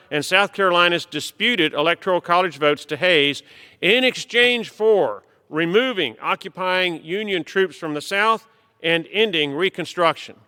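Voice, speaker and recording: Bright-voiced congressman in echoing chamber. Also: sits high, smooth. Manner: measured, emphatic delivery of a written text. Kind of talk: formal prepared floor speech. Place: large legislative chamber. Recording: long reverb of a large hall.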